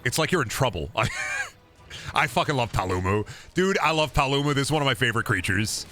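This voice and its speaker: Lively, bright-voiced male streamer. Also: medium pitch, fast, soft background music. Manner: animated, profane, chatting with viewers. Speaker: game streamer. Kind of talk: casual gaming stream commentary.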